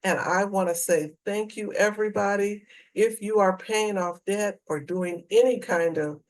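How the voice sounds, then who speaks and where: Slow, earnest woman vlogger. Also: mid-range voice, low-quality recording. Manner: slow, deliberate, earnest, reads figures out carefully. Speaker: personal finance vlogger. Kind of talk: casual talk to camera about debt payoff.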